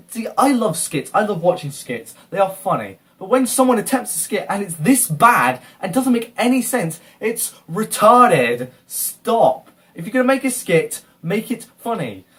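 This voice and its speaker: A man's voice: sits high, a bit bright, far from the mic. A man ranting through a reaction commentary, exasperated, swearing and repeatedly calling someone an idiot. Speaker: video reactor.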